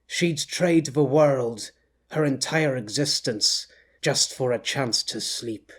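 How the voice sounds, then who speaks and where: A man reading an audiobook as narrator in a measured, intense style. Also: medium pitch.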